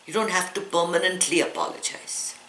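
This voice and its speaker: This woman meditation teacher talks briskly in a fairly low, fairly bright voice with fairly even intonation. Addressing a live audience, she earnestly explains spiritual ideas and often poses rhetorical questions. The echoey room carries faint ambience and slight background noise.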